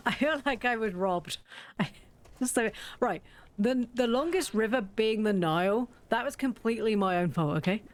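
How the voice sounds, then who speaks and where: She has a slightly high, expressive voice and speaks at a normal speed. Playing through a farming game for a let's-play, the streamer chats away, thinks aloud and makes fun of herself.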